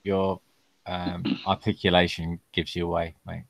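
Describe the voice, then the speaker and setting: A man's voice: sits low, monotone, measured pace, creaky. A man hosting a casual livestream Q&A, laid-back and sweary, laughing often and calling people mate over a video call. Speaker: host.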